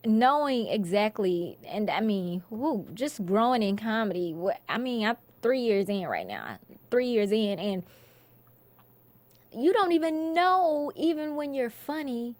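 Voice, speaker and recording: A woman's voice: on the high side, big pitch swings, unhurried, dry recording. A woman comedian, chatting casually in an interview and laughing often. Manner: laid-back, laughs often, storytelling. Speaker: comedian guest.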